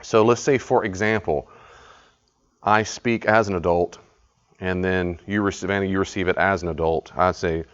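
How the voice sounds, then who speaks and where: A man's voice: deep voice, steady tone, normal speed. A man leading a live study group, teaching in a conversational way, often repeating himself and putting questions to the group. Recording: dull lo-fi live recording.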